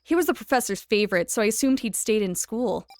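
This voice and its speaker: A woman's voice: a little high, animated, fast, darkish tone, no echo. A young woman live-streaming a video game, chatting casually and giggling as she thanks her followers and reads game lines aloud. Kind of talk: casual live-stream chat over gameplay.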